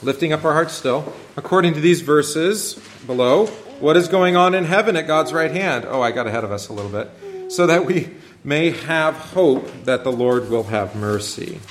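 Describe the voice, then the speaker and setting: A man's voice: a little high, lively intonation, moderate pace, slight background noise. A man, a pastor, teaching a Bible study class in a conversational way and asking the group questions. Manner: conversational, asks questions, many restarts.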